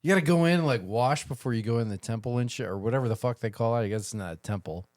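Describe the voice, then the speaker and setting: A man's voice: medium pitch, rapid-fire, darkish tone. A man hosting a podcast in casual chat, swearing freely and joking crudely. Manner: profane, jokey, laughs often. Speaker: podcast host.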